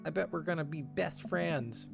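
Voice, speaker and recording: A man's voice: fairly high pitch, moderate pace, vocal fry. A man voicing an eager teenage girl about to leave for college, with game music playing behind. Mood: excited. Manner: bubbly and excited.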